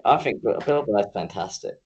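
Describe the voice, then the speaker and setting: A man's voice: lowish voice, lively intonation, moderate pace, darkish tone, breathy edge, muffled recording. A man co-hosting a podcast in casual chat, ranting, swearing freely and teasing his co-host.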